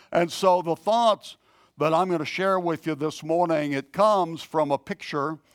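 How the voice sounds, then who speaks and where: Slow, halting man preaching a sermon. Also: fairly high pitch, no room sound, studio quality. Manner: slow, halting delivery with frequent throat clearing and restarts; self-deprecating, conversational storytelling. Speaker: pastor.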